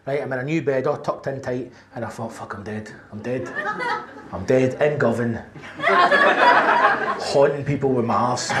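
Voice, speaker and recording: A Glaswegian man doing a stand-up comedy set, telling brash, sweary stories and tagging lines with "right?". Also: a little high. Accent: Scottish, Glasgow. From Scotland. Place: comedy venue on stage. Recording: roomy live club with faint noise.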